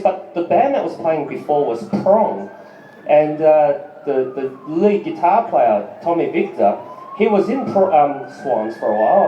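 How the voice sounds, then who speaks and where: A man's voice: on the high side, big pitch swings, unhurried, dark tone, a little hiss or hum. A man from Australia, doing a rambling, profane stand-up set with lots of ums and asides to the crowd. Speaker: stand-up comedian and band musician. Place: small live music venue. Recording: far-off lo-fi recording in an echoey venue.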